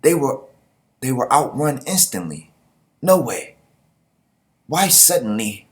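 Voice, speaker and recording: A man's voice: medium pitch, very animated, slow pace, pitched above the performer's own voice. A man voicing an alarmed young male officer, asking flustered questions in a raised voice.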